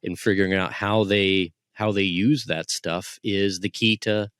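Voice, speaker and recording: A man with a fairly low voice muses in a casual podcast chat. He often tags his points with rhetorical questions. The sound is dry, with no room echo. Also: fairly even intonation, a little slow, fairly bright tone. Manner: musing, asks rhetorical questions. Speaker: podcast co-host.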